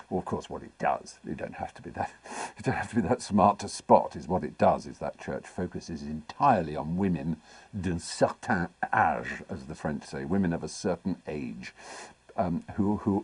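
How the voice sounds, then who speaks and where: Deep husky man telling wry stories. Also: moderate pace, dry recording. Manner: articulate, wry and animated, with playful asides. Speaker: interview guest. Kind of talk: anecdotal interview storytelling.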